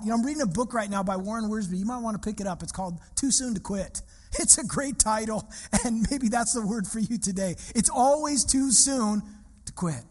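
A man preaching a sermon who tells personal stories in an animated, conversational way and often repeats his phrases. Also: sits high, slightly rough, big-room sound. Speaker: pastor.

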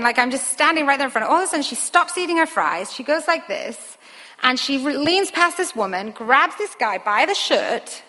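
A woman's voice: a little high, bright, forceful tone. A woman in her thirties telling a personal story in an earnest, rambling way, with many fillers and restarts. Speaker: mother sharing a personal testimony. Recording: long hall reverb.

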